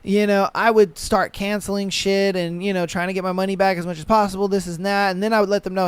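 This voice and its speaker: A man's voice: sits high, steady tone, normal speed, hardly any pauses, clear, resonant tone, no room sound. A young man hosting a podcast, ranting in casual, profane, exasperated reaction commentary. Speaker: podcast host.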